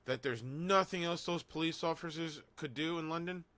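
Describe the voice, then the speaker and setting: A man's voice: on the high side, moderate pace, a bit bright. A man co-hosting a talk show, reading news aloud and commenting sarcastically. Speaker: podcast co-host.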